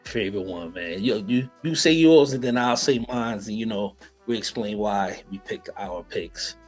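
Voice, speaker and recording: A man's voice: on the low side, normal speed, a little mellow, soft background music, poor audio. A man from the Bronx hosting a casual sneaker interview, laid-back, often saying "man" and repeating words. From the Bronx, New York. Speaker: podcast host.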